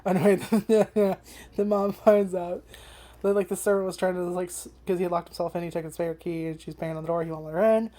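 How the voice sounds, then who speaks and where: Chill woman vlogger w a lowish warm voice, rambly, swears a lot, tons of "like". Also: fairly even intonation, fast talker. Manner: rambling, swears freely, many fillers. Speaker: anime vlogger. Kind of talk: casual first-impressions chat.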